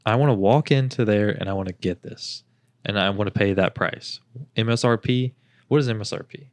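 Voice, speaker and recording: A young man on a podcast rambles through stories in a fairly low voice, swearing freely and putting on quick impressions of others. The sound is dry and close, with no room around it. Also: no echo. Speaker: podcast co-host. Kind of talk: casual chat.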